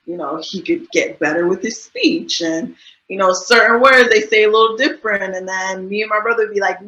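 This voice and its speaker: A woman's voice: mid-range voice, fairly quick, pushed and bright. A woman in her thirties from the USA, chatting casually as an interview guest with many fillers and easy laughs. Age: 30s. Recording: dull lo-fi sound, roomy echo.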